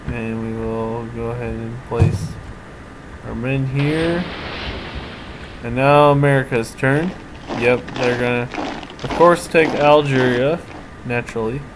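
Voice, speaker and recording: Casual let's-play commentator, male, mid-pitched, hesitant think-aloud delivery, noisy home recording. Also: fairly even intonation, takes it slowly, long pauses. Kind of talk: casual strategy game commentary. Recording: audible background noise.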